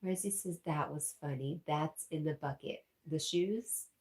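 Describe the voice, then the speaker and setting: A woman's voice: sits low, measured pace, a little mellow. A woman hosting a casual livestream, reading out viewer comments and laughing often. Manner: giggly, reads out chat messages. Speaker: livestream host.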